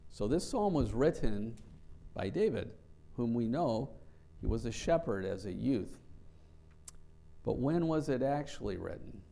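A man preaching a Bible study, reading scripture slowly and earnestly and often repeating words as he explains. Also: mid-range voice, very animated, creaky, mellow.

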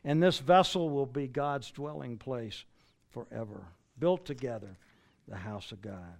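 A man's voice: mid-range voice, a little slow, creaky. An older man preaching a sermon in a conversational way, asking listeners rhetorical questions and often restarting phrases. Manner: restarts and stumbles mid-phrase.

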